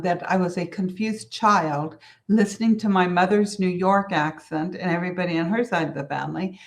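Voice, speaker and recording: Earnest woman business coach talking. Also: lowish voice. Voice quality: mispronounces some words. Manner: earnest and conversational, circling back to repeat key points. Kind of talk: solo business advice talk.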